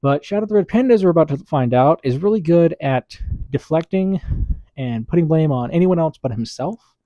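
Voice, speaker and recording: Man, YouTube commentator, casual rambling, lots of fillers, mellow dark tone, dry close-mic recording. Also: fairly high pitch, animated, fairly quick, no room sound, muffled recording. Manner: rambling, many fillers and restarts.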